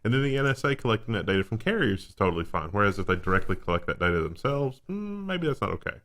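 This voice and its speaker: A man with a somewhat low voice explains tech news stories in a relaxed way. His delivery turns sardonic when he talks about official claims. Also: quick pace. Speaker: co-host of a tech news show. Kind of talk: casual news chat.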